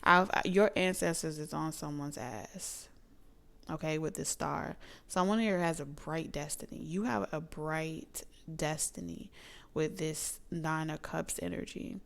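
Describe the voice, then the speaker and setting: A young adult woman giving a casual tarot reading as a psychic medium, chatty and emotive, with soft asides. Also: sits low, unhurried, gravelly.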